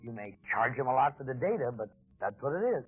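A man giving an earnest personal talk about alcoholism to an audience, deliberate with wry asides. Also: medium pitch, animated, husky, faint music behind. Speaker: speaker at a recovery talk. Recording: tinny old phone-like recording.

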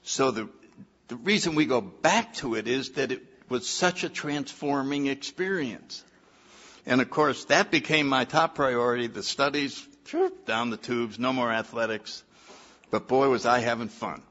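Older man, wry bright-toned storyteller. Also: medium pitch, measured pace, muffled recording. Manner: wry, anecdotal, self-mocking humor. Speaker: recovery meeting speaker. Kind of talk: personal testimony storytelling.

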